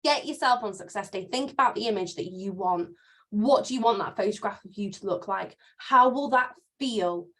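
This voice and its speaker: A woman's voice: medium pitch, moderate pace. Upbeat woman leading an online training. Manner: upbeat, motivational, repeats words for emphasis. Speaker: team trainer and mentor.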